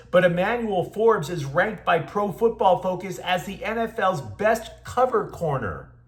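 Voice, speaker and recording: A man's voice: high-pitched, a bit bright, echoey room. A man hosting a sports show, delivering scripted commentary with sarcastic, mocking asides.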